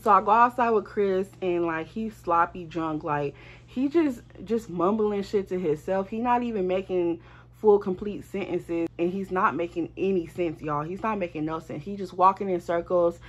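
A woman telling a casual storytime to her viewers, animated and swearing freely. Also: fairly low pitch, normal speed. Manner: animated, swearing, slangy, addresses viewers as y'all. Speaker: storytime vlogger.

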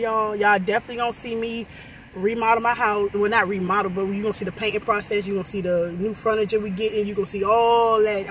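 Hyped woman rambling at her phone cam in the car, voice kinda worn out, bright and high, bit of faint noise. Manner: excited, rambling, talks straight to viewers. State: losing her voice. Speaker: vlogger. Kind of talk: casual vlog chat to camera. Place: in a car in a shopping center lot. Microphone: phone camera held by hand.

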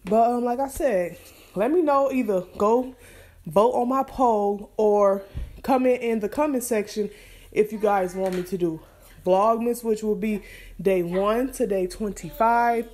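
Chatty young mom vlogger. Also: female voice, mid-range voice, a little slow. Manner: chatty, relaxed, many fillers, speaks straight to viewers. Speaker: vlogger and mother. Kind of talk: casual cooking vlog chat. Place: home kitchen, indoors.

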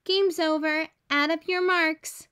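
A woman's voice: extremely high pitch, steady tone, slow pace, pushed and bright, pitched above the performer's own voice, heavily acted. A woman voicing a friendly, helpful father in a storybook read-aloud.

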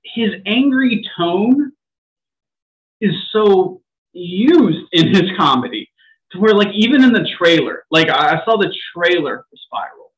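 A man's voice: sits high, expressive, unhurried, low-quality recording. A man co-hosting a casual movie podcast, telling stories in a laid-back way and laughing easily. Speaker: podcast co-host. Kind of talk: casual chat.

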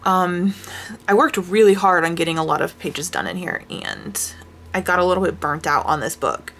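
A woman vlogger chatting casually while showing her coloring books, rambling and self-deprecating, with sighs and hushed asides. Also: on the low side, big pitch swings, normal speed, vocal fry. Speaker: craft vlogger.

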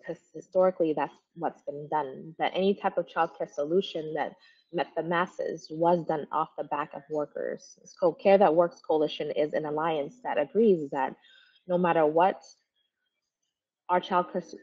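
Casting: husky, low-pitched woman organizer, earnest, muffled lo-fi call audio. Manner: earnest, repeats and rephrases. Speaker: community organizer. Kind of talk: symposium presentation. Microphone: video call mic.

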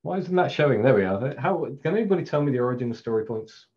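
A man's voice: mid-range voice, expressive, fast, darkish tone. Chatty English man on a webcast. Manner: chatty, self-deprecating, laughs often, many fillers. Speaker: Scrum trainer presenting a webinar. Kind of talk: casual live presentation. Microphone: video call. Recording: slightly dull, lo-fi webcast audio.

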